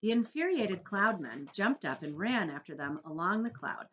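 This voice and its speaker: A woman's voice: mid-range voice, normal speed, highs cut off. A woman teacher reading a children's book aloud to her class, telling it expressively. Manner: expressive storytelling.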